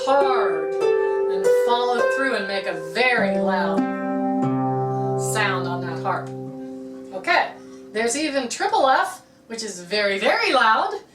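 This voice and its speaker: A woman's voice: a little high, far from the mic. Woman teaching harp in a roomy space. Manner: patient, explanatory, says "okay" often. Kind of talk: music lesson. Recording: roomy, from off-mic.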